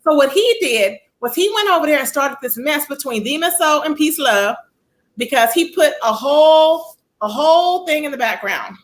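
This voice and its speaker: A woman's voice: high-pitched, animated, moderate pace, a little hiss or hum, rough recording. A woman hosting a casual livestream, chatting in a sassy, talkative way and reading out viewers' chat comments. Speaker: livestream host.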